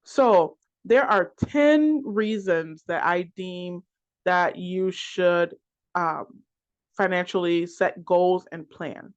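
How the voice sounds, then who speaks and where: Working through a list of points in a class lecture, a financial coach with a medium-pitched voice stumbles, restarting and repeating words. It's captured on a dull lo-fi recording.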